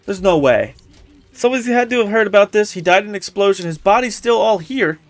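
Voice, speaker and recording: A man giving casual, excitable commentary while streaming a video game and talking back to the characters. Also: sits high, brisk, no room sound.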